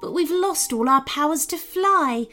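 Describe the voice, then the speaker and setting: A woman voicing a kind female unicorn who pleads gently and earnestly for help. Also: sits high, animated, a little slow, soft background music, voice pushed up, exaggerated voice. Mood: pleading.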